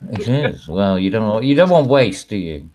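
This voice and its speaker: A man's voice: on the low side, big pitch swings, normal speed, dark tone, faint music behind, low-quality recording. A man hosting a casual livestream, rambling through stories with crude humor, fillers and frequent laughter. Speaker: stream host.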